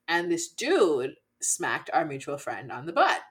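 A woman co-hosting a chat podcast, her pitch swinging widely as she talks. She is blunt and laughs a lot, and she acts out quoted lines. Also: big pitch swings, unhurried, slightly rough. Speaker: podcast co-host. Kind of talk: casual chat.

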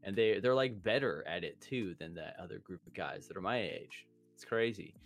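Deep gravelly man chatting casually. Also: moderate pace, faint music behind. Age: adult, a parent. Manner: rambling, profane, laughs often. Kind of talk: casual podcast chat between friends.

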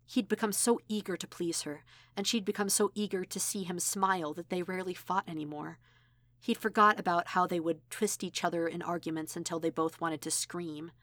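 A woman narrating an audiobook reading in a measured, even storytelling manner. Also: fairly low pitch, no room sound. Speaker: audiobook reader. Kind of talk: audiobook narration of fan fiction.

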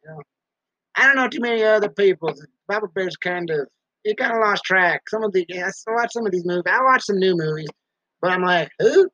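Casual male host who rambles from his basement, high bright voice, dry muffled sound. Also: a little fast, dry recording. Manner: talks about himself in third person, repeats words. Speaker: podcast host.

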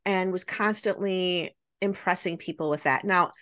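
A woman's voice: on the low side, moderate pace, fairly bright tone. Chatty woman telling a history story. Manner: chatty, many fillers like "right?" and "like". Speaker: podcast host. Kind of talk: casual storytelling chat.

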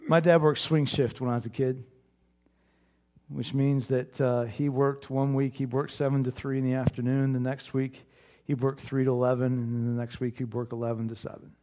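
A man preaching in a middle-pitched voice. He tells his story with lively bursts of volume, and at other times his voice drops to a soft, hushed prayer. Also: normal speed. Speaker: pastor. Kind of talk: sermon with a personal story.

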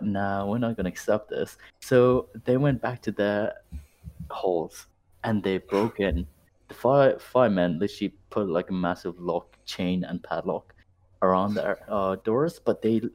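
A man's voice: on the low side, darkish tone. A young man in his twenties, a former university student, rambling through a casual story with fillers and some swearing. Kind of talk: casual chat.

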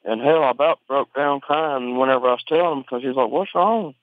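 A Southern man with an Alabama drawl talks over a tinny, dry phone line. He tells his story casually and at length, swearing freely and stumbling into restarts. His voice sits at an ordinary middle pitch. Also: steady tone, clear, resonant tone, no room sound. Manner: rambling, informal, profane, halting restarts. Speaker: interviewee on a phone call. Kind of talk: conversational storytelling.

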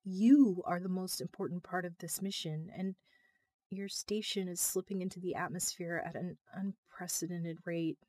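Measured earnest commander guy on the comm, fairly low, dry sound, woman reading. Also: warm tone, no room sound, close to an everyday voice. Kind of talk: audiobook narration.

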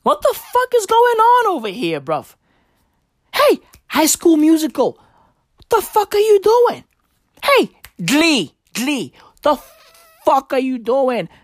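A woman putting on a brash older male dictator who yells in profane disbelief. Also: high-pitched, huge pitch swings, slow, no echo, studio quality, voice pushed up, full character voice. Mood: outraged. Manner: yelling, incredulous, profane.

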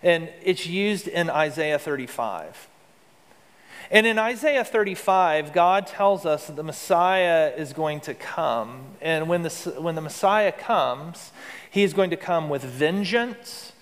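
A man's voice: fairly high pitch, animated, slow pace, in a large hall. A man preaching a sermon as pastor, in an earnest, conversational way with rhetorical questions.

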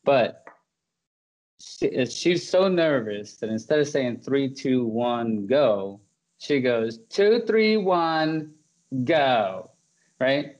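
A man's voice: mid-range voice, takes it slowly, a little mellow, low-quality recording. A man hosting a podcast in casual chat, rambling, laughing often and full of fillers and restarts. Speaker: podcast host.

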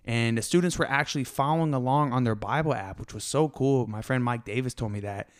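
A young man hosting his own podcast, talking fast and excitedly in a casual, animated way. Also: mid-range voice. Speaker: podcast host. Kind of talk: casual solo podcast talk.

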